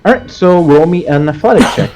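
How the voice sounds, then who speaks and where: A man's voice: on the high side, expressive, brisk, music in the background. A man acting as game master, casually directing players in a tabletop game.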